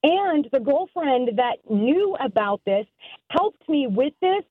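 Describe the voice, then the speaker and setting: A woman from Tennessee calling in, telling a story in a rueful, rushed way. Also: sits high, very animated, dry recording. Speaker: caller. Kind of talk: casual storytelling. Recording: thin phone line.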